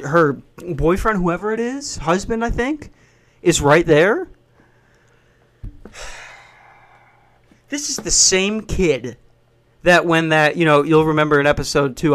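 A man who works a hotel front desk, venting in a worked-up, profane rant about a coworker. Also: high voice. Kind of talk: venting storytime vlog.

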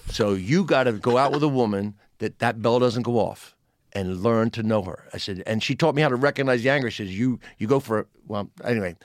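A man's voice: mid-range voice, brisk, no echo, studio quality. A man in his sixties, a comedian guest on a podcast, telling a long story in casual chat and acting out the lines of people in it. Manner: animated storyteller, acts out quotes.

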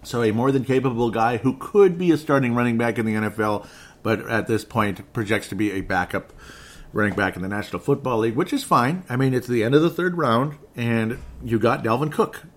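A man's voice: medium pitch, a little fast. A man giving casual solo commentary on football draft picks, rambling and correcting himself as he talks. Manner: rambling, self-correcting, conversational. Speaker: sports podcast host.

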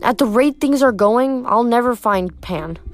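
Young male satyr, earnest, wistful, voiced lightly by a female reader; higher register. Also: expressive, measured pace, soft background music. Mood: indignant. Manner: earnest, indignant about pollution.

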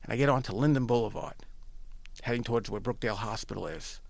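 A man from Long Island recounts his past in a loose, animated way, circling back and repeating himself. His voice is gravelly and mid-pitched. The sound is dry and close. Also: fast, no echo. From Long Island, New York. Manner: animated, repeats phrases, often restarts. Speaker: guest telling his story. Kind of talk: casual storytelling.

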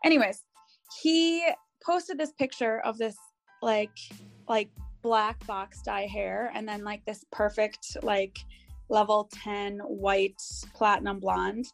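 A young woman hairstylist co-hosting a podcast, chatting in an animated, easily sidetracked way. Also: mid-range voice, slow pace, vocal fry, faint music behind. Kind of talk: casual chat.

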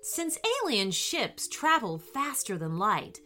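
Slow, lively woman reading a kids' story. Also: medium pitch, soft background music. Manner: gentle, expressive storybook reading with voiced quotes. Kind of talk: children's bedtime story narration.

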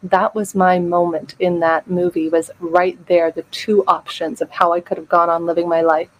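A woman's voice: fairly low pitch, level tone, moderate pace, dull audio. A middle-aged woman, a podcast guest, telling a candid personal story with drama, acting out the voices of people she quotes and laughing often.

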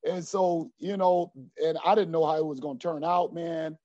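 A middle-aged man coach telling an earnest story of faith in an interview, lively at times and often dropping to a low quiet voice. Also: normal speed, no room sound. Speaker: basketball coach. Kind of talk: personal faith testimony in an interview. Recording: dry, slightly dull sound.

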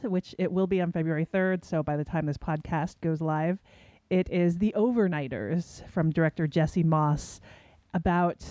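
A woman's voice: lowish voice, a little mellow, dry recording, muffled recording. Dry-voiced woman podcast co-host. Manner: chatty, talks through a story with fillers. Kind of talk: casual film review chat. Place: New York City studio.

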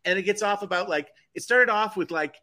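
A man's voice: high voice, a little fast, pushed and bright. A man co-hosting a casual talk show, rambling through indignant commentary with frequent restarts. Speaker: co-host. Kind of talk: casual chat.

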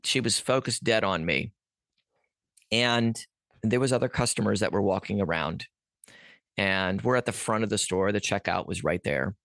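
A man's voice: lowish voice, normal speed, no echo, studio quality. A man guest on a podcast, earnestly telling a personal story in a rambling way, with many restarts and fillers. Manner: earnest, animated at peaks.

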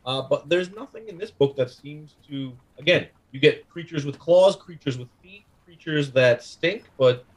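A man running a tabletop game as game master, describing scenes and ruling calmly. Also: fairly high pitch, normal speed, hardly any pauses.

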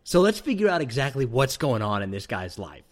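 A man's voice: mid-range voice, sing-song, fairly quick, a little hiss or hum. A man hosting a talk show, teasing his co-host in dry, casual banter.

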